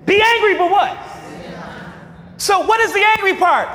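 A man preaching a sermon, asking the congregation to finish his lines and breaking into shouts. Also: very high-pitched, measured pace. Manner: call-and-response questions, bursts of shouting. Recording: long reverb of a large hall.

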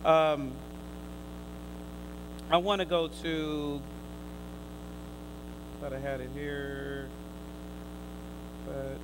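A man preaching a sermon, quizzing his listeners in call and response, swinging from loud emphatic bursts to quiet asides. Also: a little high, little pitch movement, extremely slow, pauses often, noisy background.

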